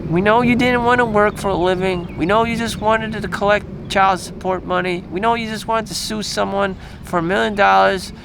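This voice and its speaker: A man with a strikingly high voice vents in a crude, agitated rant, circling back to the same points and cursing often. He is outdoors, with faint traffic noise behind him. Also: fairly even intonation, moderate pace, creaky, few pauses. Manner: crude, repetitive, agitated rant with frequent swearing. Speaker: vlogger. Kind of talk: profane ranting monologue.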